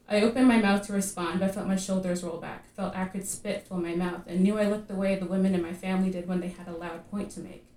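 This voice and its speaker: A woman reading her own fiction aloud at a live literary reading, measured and vivid in her storytelling. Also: medium pitch, steady tone, dark tone, far from the mic. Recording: echoey room at a live reading.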